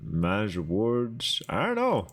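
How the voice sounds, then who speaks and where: Young male streamer, lowish voice, unhurried and halting, chatting with viewers. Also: wildly swooping pitch. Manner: halting, chatty, answers chat aloud. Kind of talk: casual chat with viewers.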